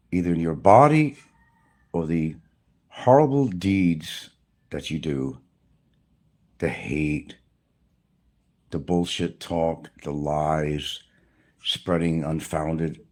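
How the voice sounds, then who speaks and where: A man's voice: sits low, warm tone. A man delivering a blunt, profane, preachy rant as a YouTuber. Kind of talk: ranting monologue to camera.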